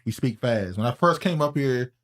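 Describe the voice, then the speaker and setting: A man's voice: mid-range voice, lively intonation. Southern man from North Carolina, chatting on a podcast. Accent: North Carolina Southern, toned down. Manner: says he slows his naturally fast speech for the mic; loose, digressive, frequent restarts. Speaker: podcast co-host. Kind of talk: casual podcast discussion.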